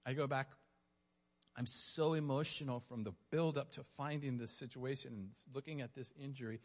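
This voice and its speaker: A man preaching, telling a story from his police days with emotion, dropping to a hush and then rising loud. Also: medium pitch, steady tone. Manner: emotional, dramatic pauses, swings from hushed to loud. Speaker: preacher, former police officer. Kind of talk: sermon storytelling. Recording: long hall reverb.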